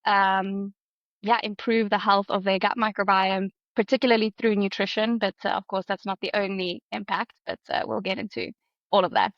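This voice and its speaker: A woman in her thirties with a South African accent explains things in a friendly way and laughs easily. Her voice is dry and slightly muffled, with mid pitch. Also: steady tone, moderate pace, no echo. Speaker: guest, dietitian. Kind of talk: podcast interview.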